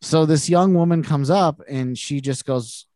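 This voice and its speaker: A man's voice: a little high, a little slow, dark tone, no echo. A man co-hosting a podcast, telling a self-mocking funny story in casual chat and laughing through it. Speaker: podcast co-host.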